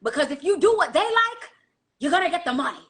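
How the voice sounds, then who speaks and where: A woman's voice: very high-pitched, big pitch swings, fast, fairly bright tone. A woman giving blunt dating advice in a casual monologue, lecturing and asking rhetorical questions.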